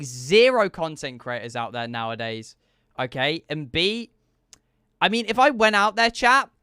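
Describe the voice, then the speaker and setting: A man's voice: high-pitched, clean tone, no echo, studio quality. A young man, a streamer, chatting casually and joking back and forth with his live chat. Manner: animated, joking banter with chat.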